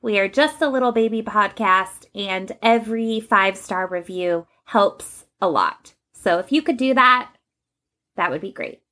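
A woman's voice: medium pitch, measured pace, pushed and bright. A young woman co-hosting a podcast in a playful, jokey casual chat. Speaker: podcast co-host.

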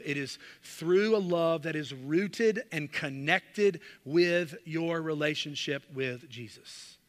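A man's voice: fairly high pitch, fairly bright tone. A male pastor preaching a sermon, emphatic and full of rhetorical questions, in a church sanctuary. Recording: long reverb of a large hall.

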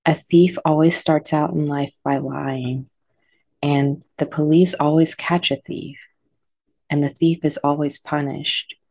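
A strict, scolding mother with a low, mellow voice, as a soft-spoken woman reads her lines. She speaks slowly and firmly, close and dry. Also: fairly even intonation, vocal fry, no echo, full character voice. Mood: stern. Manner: firm, scolding. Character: stern strict mother of young girls.

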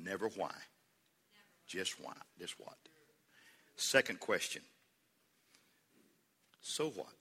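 A male pastor delivering a sermon, moving from easy conversational talk to loud, rhythmic preaching. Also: deep voice, animated, slow, pauses often, slightly rough. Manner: builds from conversational to shouting, preacher cadence. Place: church sanctuary. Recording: long hall reverb.

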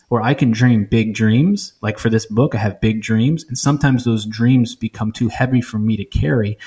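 A man's voice: on the low side, gravelly, a little mellow, breathy edge. A man, a pastor and author, telling personal stories in an interview, earnest and building to emphatic repetition. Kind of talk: conversational interview storytelling.

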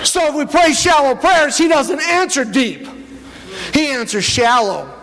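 A man preaching a sermon, animated, rising to loud peaks and dropping low. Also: a little slow, crowd noise. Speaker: pastor. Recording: long church hall reverb.

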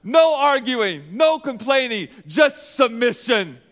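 A man's voice: very high voice, sing-song, takes it slowly, a bit bright. A male pastor preaching a sermon, asking questions and answering them himself, with emphatic repetition.

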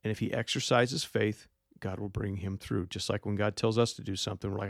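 A man's voice: fairly low pitch, little pitch movement, brisk, creaky, no room sound, studio quality. A man hosting a devotional podcast, reading scripture and explaining it in a plain, conversational way. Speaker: podcast host and Bible teacher.

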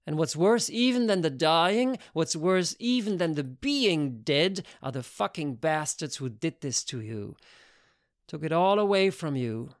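A man voicing a bitter, worldly woman lover who talks bluntly and profanely in a slow, intense way. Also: on the high side, lively intonation, no room sound, studio quality. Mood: bitter, furious.

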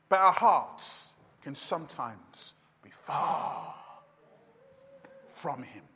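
A man preaching a sermon, swinging from loud shouts down to near-whispers. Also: on the high side, animated, very slow, long pauses, slightly rough. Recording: long reverb of a hall.

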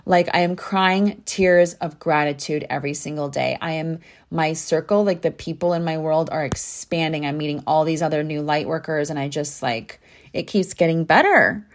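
Low-voiced earnest woman podcaster. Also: normal speed. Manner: earnest, heartfelt, with frequent "like" fillers. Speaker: podcast host and spiritual coach. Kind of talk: casual podcast monologue.

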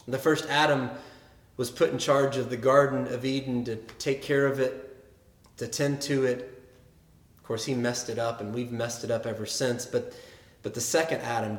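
A man preaching a sermon in a conversational, storytelling way. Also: mid-range voice. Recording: roomy echo.

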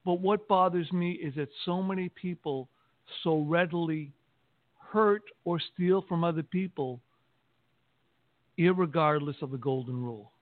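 A man speaking in a measured way with formal wording in a casual discussion. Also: fairly high pitch, no room sound. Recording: tinny phone-like call audio, dry.

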